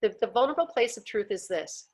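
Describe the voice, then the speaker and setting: A woman's voice: fairly high pitch, lively intonation, fast talker, a little mellow. A woman teaching a personal growth class in a casual, earnest way, acting out quotes and laughing often. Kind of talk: casual talk to a group. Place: home, pool outside her patio.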